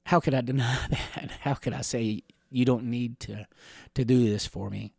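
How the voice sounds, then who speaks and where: A middle-aged man from the Catawba Nation telling personal stories in an interview, rambling gently with chuckles and fillers. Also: mid-range voice, steady tone, moderate pace, vocal fry, slightly rough, no echo, clean studio sound. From Catawba Nation, Carolinas, USA.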